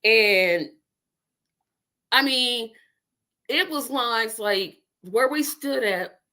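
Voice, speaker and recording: A woman's voice: fairly high pitch, lively intonation, very slow, sharp tone. A woman hosting a casual political livestream, rambling and talking to her viewers while she multitasks. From Indiana. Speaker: livestream host.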